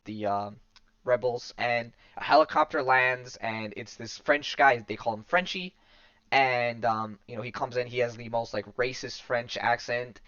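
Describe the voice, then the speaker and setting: A man's voice: medium pitch, normal speed, pushed and bright, clear, resonant tone, dry recording. A man casually recapping a comic on a podcast, rambling with many fillers and restarts. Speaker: podcast host. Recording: dull lo-fi dry recording.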